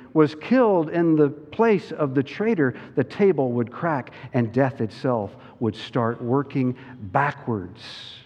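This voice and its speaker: A man voicing a great majestic lion in a storybook reading, slow and grave. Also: fairly high pitch. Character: great lion Aslan, deep, calm and majestic. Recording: dull sound in a large reverberant hall.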